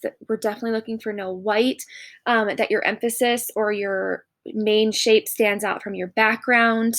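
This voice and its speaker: A woman's voice: medium pitch, steady tone, a little slow, a bit bright, no room sound. A woman art teacher talking through student examples in a recorded lesson, encouraging and pointing things out one by one. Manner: encouraging, repeats "notice" while pointing out examples. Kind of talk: recorded classroom lesson walkthrough.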